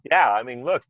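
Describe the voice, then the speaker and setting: A man's voice: fairly high pitch, creaky, a bit bright, husky. A man hosting a podcast in casual chat, talking loosely with asides and restarts over a remote call microphone. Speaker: podcast host.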